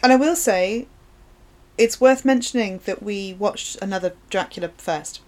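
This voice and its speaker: A woman with a mid-range voice co-hosts a relaxed film podcast. She is chatty and playful, teases her co-host and rounds off the show with easy sign-offs. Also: mid-range voice. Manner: chatty, playful, quick to laugh. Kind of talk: casual film discussion.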